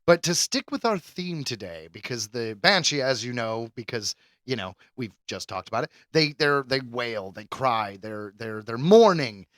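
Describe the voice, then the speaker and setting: Podcast guy rambling and joking, really lively pitch, bright voice. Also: normal speed, dry recording. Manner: animated, rambling, crude jokes. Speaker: podcast co-host. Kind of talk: casual chat.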